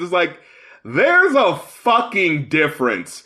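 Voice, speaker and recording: A man with a high, bright voice talking on a podcast. His pitch leaps all over as he rants, swearing freely and climbing into shouts. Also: sing-song, normal speed. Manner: heated, profane, rising to shouts. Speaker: podcast co-host. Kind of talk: casual chat.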